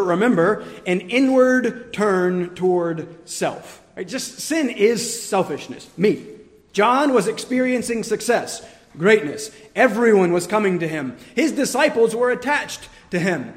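Male pastor, earnest emphatic sermon delivery, raised pitch, long room echo. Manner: earnest, emphatic preaching with dramatic pauses.

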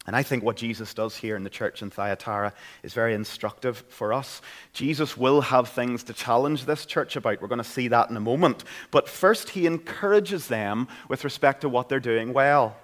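A man's voice: medium pitch, moderate pace, a bit bright. Northern irish guy giving a sermon in church, earnest, chatty, medium voice. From Northern Ireland. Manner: earnest, conversational preaching. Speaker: pastor.

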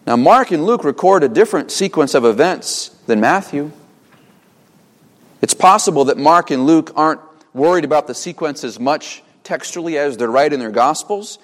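A man's voice: a little high, big-room sound. A young man preaching a sermon from the pulpit, asking the congregation rhetorical questions. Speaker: pastor. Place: church sanctuary.

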